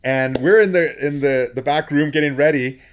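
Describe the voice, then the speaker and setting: A middle-aged man hosting a podcast, telling stories in a casual, animated way and laughing often. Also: fairly high pitch, normal speed, smooth. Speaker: podcast host. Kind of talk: casual storytelling chat.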